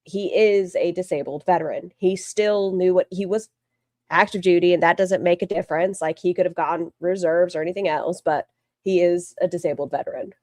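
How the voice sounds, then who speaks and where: A woman's voice: lowish voice, fairly even intonation, moderate pace, mellow, dry recording. A woman streamer giving casual livestream commentary, blunt and profane with a rambling delivery. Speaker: streamer commenting on online drama.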